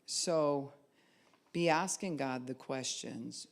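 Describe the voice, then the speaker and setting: A woman pastor preaching a sermon, acting out quoted voices and dropping to a soft hush at times. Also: extremely low pitch, big pitch swings, normal speed.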